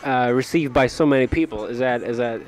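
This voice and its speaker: A man with a middle-pitched voice interviews a rapper outdoors in a city. He asks his questions haltingly, stacking up fillers before he gets to the point. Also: faint music behind. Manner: hesitant, filler-heavy questioning.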